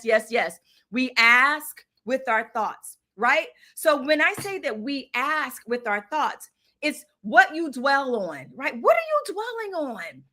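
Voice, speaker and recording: Woman host for a live mindfulness stream, high and bright voice, emphatic and encouraging, keeps checking in with her chat. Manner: emphatic, repeats phrases, calls to the chat, asks "right?".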